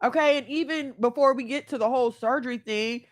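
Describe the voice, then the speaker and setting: A woman's voice: sits high, fairly quick. A woman giving heartfelt self-help advice as a mother, speaking earnestly and acting out the voices she quotes. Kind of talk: candid self-help monologue.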